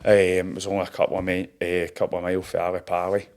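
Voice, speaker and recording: A man's voice: low voice, completely flat delivery, rapid-fire. A Scottish man in his thirties, a professional boxer, chatting casually in an interview and telling stories with broad slang and laughs at himself. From Scotland. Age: 30s.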